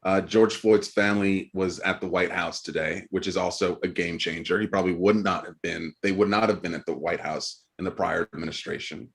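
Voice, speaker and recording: A man's voice: deep voice, steady tone, a little fast, creaky, few pauses. A man co-hosting a podcast, teasing his co-host in casual chat and turning reflective.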